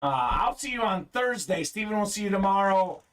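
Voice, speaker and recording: A man's voice: high voice, lively intonation, normal speed, a bit bright. A young man hosting a live card-break stream, chatting casually and reading viewer comments aloud.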